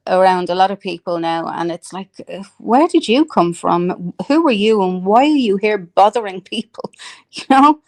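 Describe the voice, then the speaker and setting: A woman's voice: medium pitch, gravelly, darkish tone. An Irish woman chatting casually with viewers on a live stream, swearing freely, laughing a lot and reading out comments.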